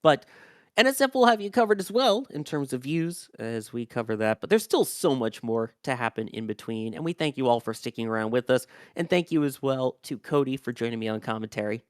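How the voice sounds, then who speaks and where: A man's voice: mid-range voice, expressive, brisk, no echo, studio quality. A man hosting a live rocket launch stream, chatting casually, reading out viewer messages and thanking the crew.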